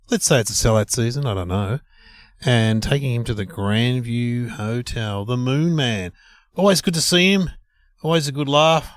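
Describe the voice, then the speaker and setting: A man's voice: medium pitch, no room sound, studio quality. A middle-aged Australian man hosting a podcast in a moving car, chatting casually and laughing often. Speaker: podcast host. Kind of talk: casual chat while driving.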